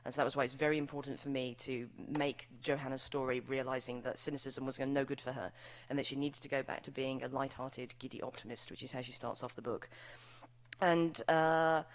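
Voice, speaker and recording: A woman's voice: rumbling low, steady tone, fairly quick. A British woman author speaking at a live event, then reading her novel aloud with wry, bawdy comic delivery. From United Kingdom. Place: live event before an audience.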